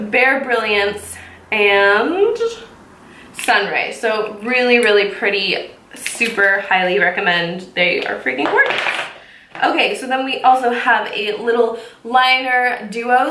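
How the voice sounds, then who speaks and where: A woman's voice: medium pitch, moderate pace, a bit bright, distant mic, a little hiss or hum. A young woman chatting casually through a makeup unboxing, gushing and bubbly, dropping lots of "like". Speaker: beauty vlogger. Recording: echoey room, voice a little off-mic.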